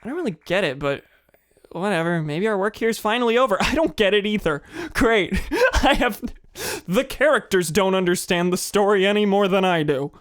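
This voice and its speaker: A streamer giving live game commentary, excitable and quick to swear at the game. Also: mid-range voice.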